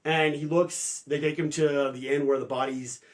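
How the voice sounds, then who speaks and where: A man co-hosting a podcast, retelling a novel's plot in casual chat, full of "like" fillers and quick mock voices for the characters. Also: fairly high pitch, fairly even intonation. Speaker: podcast co-host. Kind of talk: casual book discussion.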